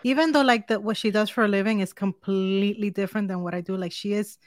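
A woman's voice: mid-range voice, fairly even intonation, fast talker, no room sound, studio quality. A middle-aged woman, a podcast guest, chatting casually and laughing often about her grown daughter. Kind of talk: casual chat.

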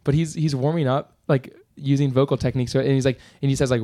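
A young man co-hosting a casual podcast chat, excitable and quick, often laughing as he tells stories. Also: mid-range voice. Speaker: podcast co-host.

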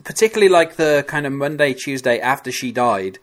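A man from Britain talks in a loose, rambling way on a casual podcast, full of fillers and restarts. His voice sits at an ordinary middle pitch. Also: expressive, a little fast, a bit bright. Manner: rambling, hesitant, filler-heavy. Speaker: podcast co-host.

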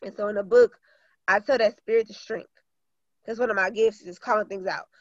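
A woman's voice: mid-range voice, fairly even intonation, brisk, dry recording, lo-fi sound. A woman teacher and author talking earnestly in an interview, with many fillers and restarts. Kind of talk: casual interview talk.

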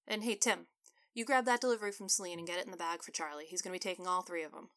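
A woman voicing an easygoing male restaurant owner who talks casually and gives staff quick orders. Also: on the low side, fairly even intonation, a bit bright, lightly acted.

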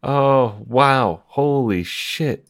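A man's voice: medium pitch, animated, very slow, clean tone. A man co-hosting a comedy podcast, riffing playfully and laughing often in casual chat. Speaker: podcast co-host.

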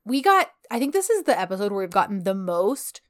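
A woman's voice: medium pitch, brisk. A woman in her thirties co-hosting a casual chat, gushing as she retells scenes from a TV show and acts out the characters' lines. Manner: gushing, animated retelling with quoted dialogue. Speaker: podcast co-host.

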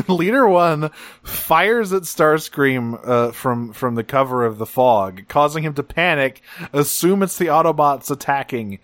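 A man's voice: medium pitch, fairly bright tone, no room sound. A man chatting casually as a podcast co-host, recapping a cartoon episode, swearing freely and acting out the characters' lines.

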